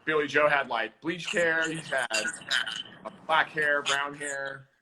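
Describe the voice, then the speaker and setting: A man guesting on a casual live-stream chat, talking easygoingly with halting restarts. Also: a little high, noisy background. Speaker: guest, drummer. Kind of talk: casual video-call chat.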